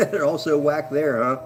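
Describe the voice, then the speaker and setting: A man's voice: on the high side, animated, takes it slowly, background noise. A man hosting a casual live stream, chatting easily with viewers and laughing often.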